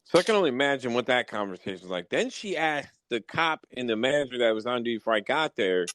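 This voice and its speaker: A man hosting a podcast, telling wild work stories in a casual, profane, animated way. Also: mid-range voice, fast, hardly any pauses, dry recording, rough recording. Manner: profane, animated storytelling with mock exasperation. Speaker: podcast host. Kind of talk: casual storytelling chat.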